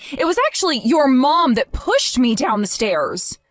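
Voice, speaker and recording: A woman's voice: high voice, big pitch swings, a little slow, soft background music. A woman voicing a distraught young wife, emotional and pleading. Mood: indignant. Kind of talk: voiced text-message drama.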